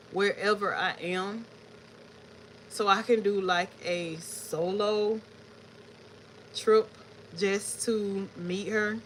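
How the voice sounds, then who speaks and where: A woman's voice: medium pitch, poor audio. A woman, chatting casually with viewers on her book livestream. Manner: chatty and relaxed, addresses viewers as y'all. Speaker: book vlogger hosting a livestream. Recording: faint background noise.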